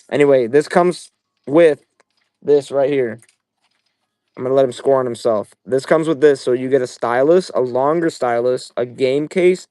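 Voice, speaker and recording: A young man hosting a casual live-selling stream, profane and excitable as he pitches items while playing a game. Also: no room sound. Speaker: livestream seller.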